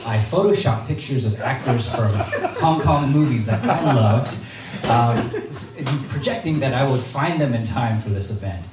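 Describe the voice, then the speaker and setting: A man's voice: medium pitch, normal speed, far from the mic, music in the background. Man telling stories in an echoey hall. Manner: animated, acts out quoted voices. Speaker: speaker giving a talk. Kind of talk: storytelling talk to an audience. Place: large hall with audience.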